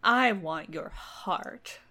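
A woman's voice: mid-range voice, normal speed, lightly acted. A woman voices an ugly old fairy who loves without hope, swinging between disdain and pleading. The delivery is a mock-dramatic comic reading. The voice sits in a middling range. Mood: overwrought. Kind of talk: comedic storytelling reading.

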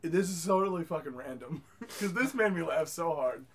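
A man's voice: fairly high pitch, expressive, moderate pace, fairly bright tone, a little hiss or hum. A man hosting a casual podcast, laughing often as he reads listener comments aloud. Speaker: podcast host.

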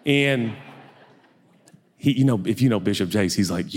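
A middle-aged male pastor preaching a lively sermon, self-mocking and animated, often jumping into high silly voices for comic asides. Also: moderate pace, long pauses, husky. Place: church auditorium. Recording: long reverb of a large hall.

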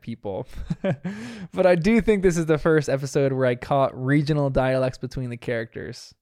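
A man's voice: medium pitch, normal speed, a little mellow, clean tone, no echo, studio quality. A young man from New Jersey hosting a casual cartoon review, chatty and laughing often at his own asides. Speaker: podcast host reviewing a cartoon. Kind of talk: casual episode commentary.

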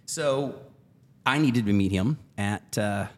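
A middle-aged man co-hosting a podcast, casually telling a story in an animated way, laughing and acting out quoted lines. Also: lowish voice, takes it slowly. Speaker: podcast co-host.

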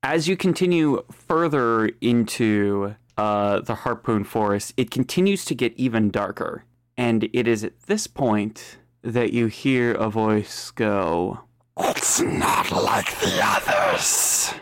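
A man narrating as game master of a tabletop game, in an unhurried, playful way. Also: medium pitch, clean tone.

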